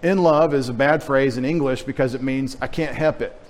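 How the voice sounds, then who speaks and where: A man's voice: mid-range voice, normal speed. A middle-aged man from Texas preaching a sermon with a light Texas accent, joking in chatty asides. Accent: Texan. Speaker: pastor. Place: church.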